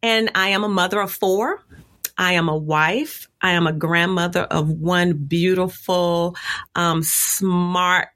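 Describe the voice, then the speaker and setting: A woman in her fifties speaks as a guest on a casual podcast. She talks slowly, in a bright, clear voice, and chuckles often as she introduces herself. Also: fairly low pitch, steady tone. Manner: unhurried, chuckling, warm self-introduction.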